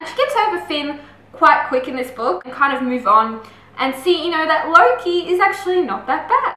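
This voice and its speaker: A woman's voice: very high voice, sharp tone. A woman chatting enthusiastically through a book review, gushing and acting out scenes as she goes. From Australia. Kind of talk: casual book review chat. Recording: roomy echoey room.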